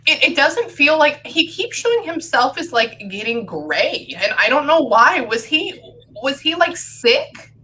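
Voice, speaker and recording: A woman working as a psychic medium, giving a chatty, excitable reading to a client over a call. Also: high voice, unhurried, a little hiss or hum. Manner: excitable, chatty, filler-heavy.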